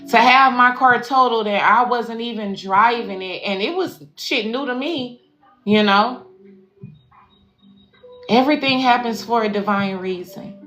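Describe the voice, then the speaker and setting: Profane, bright woman spiritual reader. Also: on the high side, measured pace. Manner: profane, affectionate, preachy, addresses viewers as y'all and baby. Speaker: spiritual life coach and intuitive reader. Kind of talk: casual tarot reading livestream. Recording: echoey room with faint music.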